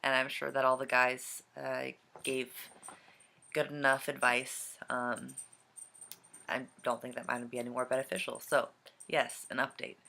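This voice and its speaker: Hesitant young man, bright slightly gravelly voice. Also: mid-range voice, monotone, a little slow. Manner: hesitant, many ums and trailing thoughts. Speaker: vlogger. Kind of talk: casual vlog chat. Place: home. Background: dog and cat noises.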